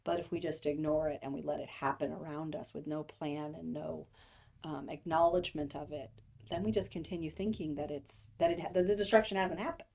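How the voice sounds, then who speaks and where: A woman's voice: sits low, fairly even intonation, brisk, creaky, darkish tone. Chatty woman co-hosting a faith podcast. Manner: chatty, laughing, sarcastic asides. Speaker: Christian education leader, co-host. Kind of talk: casual chat.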